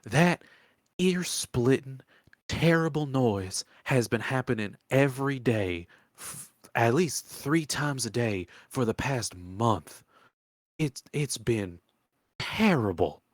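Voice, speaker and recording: A man's voice: mid-range voice, lively intonation, slow, no room sound, studio quality, pitched above the performer's own voice. A man voicing a folksy older woman who runs a swamp bait shack, with a put-on Southern drawl and a rambling way of talking.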